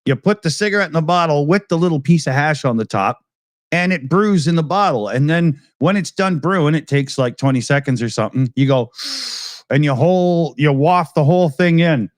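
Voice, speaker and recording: A man's voice: fairly high pitch, animated, fairly quick, no echo, clean studio sound. A man hosting a casual talk show, telling rambling stories with lots of laughs. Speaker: show host. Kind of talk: casual chat.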